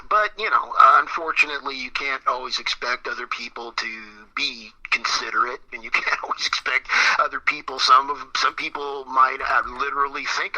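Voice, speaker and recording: Very bright-voiced man, rambling guest. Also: mid-range voice, fairly even intonation, low-quality recording. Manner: rambling, halting, repeats words, emphatic. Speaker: musician guest. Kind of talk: casual interview chat. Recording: radio broadcast.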